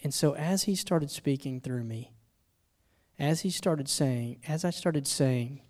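A man's voice: a little high, slow pace. Middle-aged man preaching with personal stories. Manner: personal storytelling, swinging from hushed to loud and urgent. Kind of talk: sermon.

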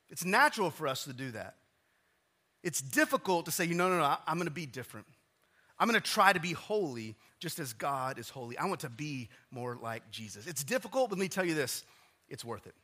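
A man preaching a casual, conversational sermon in a church, often restarting phrases and dropping low and quiet for emphasis. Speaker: pastor.

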